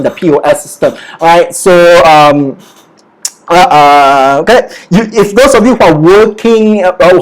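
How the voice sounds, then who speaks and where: An English lecturer with a Malaysian accent giving a livestreamed pronunciation lesson, drilling words slowly and tagging sentences with "all right?". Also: medium pitch, low-quality recording. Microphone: oversensitive loud home mic.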